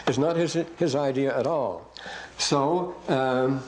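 A man's voice: medium pitch, slow pace, noisy background. A man teaching a scripture class who reads verses aloud and keeps breaking off to comment and question the class. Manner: rambling, asks the class questions.

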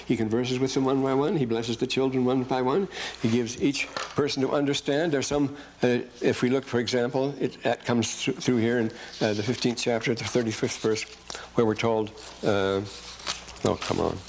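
A man giving an unscripted lecture on scripture, often losing his place, correcting himself and reading verses aloud with slow emphasis. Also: medium pitch, steady tone, slight background noise, rough recording.

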